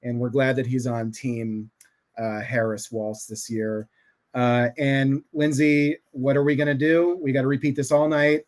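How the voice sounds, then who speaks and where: A man's voice: medium pitch, fairly even intonation, unhurried. A man from Boston hosting a livestream, talking loosely and playfully with many fillers. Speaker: livestream host.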